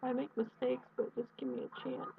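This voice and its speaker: A young woman talking in a heartfelt personal video message, earnest and rambling, with halting restarts. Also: a little high, very animated, gravelly. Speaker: vlogger addressing her absent partner. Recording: tinny phone-quality audio with faint hiss.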